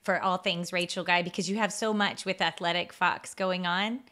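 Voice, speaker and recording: A woman's voice: fairly low pitch, steady tone, moderate pace, pushed and bright. A woman from Texas with a Texas accent, hosting a podcast in a chatty, laughing manner. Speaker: podcast host. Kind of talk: casual interview.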